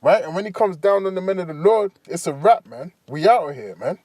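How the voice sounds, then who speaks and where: Man preaching, slightly high voice. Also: lively intonation, fairly quick, a little mellow, no room sound. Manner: casual, keeps ending phrases with "man, right?". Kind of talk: preaching commentary over a news clip.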